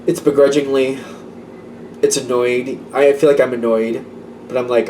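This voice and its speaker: A man's voice: mid-range voice, flat delivery, moderate pace, long pauses, warm tone, distant mic, a little hiss or hum. A man giving a casual tarot reading, chatty and repetitive, with small laughs between his thoughts. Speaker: tarot reader.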